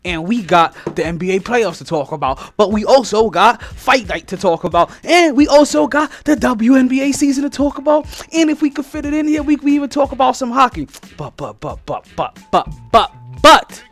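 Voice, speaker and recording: A man hosting a casual sports podcast, energetic and excitable, often repeating himself mid-sentence. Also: very high-pitched, a little fast, few pauses, faint music behind. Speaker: podcast host.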